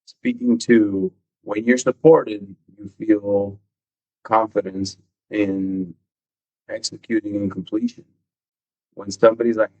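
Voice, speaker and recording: A man with a husky, breathy voice that sits a little low talks openly on a livestream. He mixes casual, frank chat, swearing included, with stretches of reading aloud. The sound is dull and lo-fi. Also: fairly even intonation, takes it slowly, pauses often. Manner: candid and open, swears casually. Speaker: livestream host.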